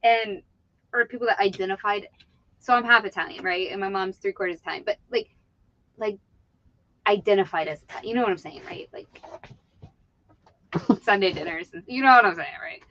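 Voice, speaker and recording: A woman's voice: mid-range voice, a little fast, pauses often, fairly bright tone. A woman from Virginia hosting a casual reseller stream. She chats while she works, giggles often and says "like" and "you know what I mean" a lot. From Virginia, USA. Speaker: eBay reseller and channel host. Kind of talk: casual chat while working. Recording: slightly dull lo-fi sound.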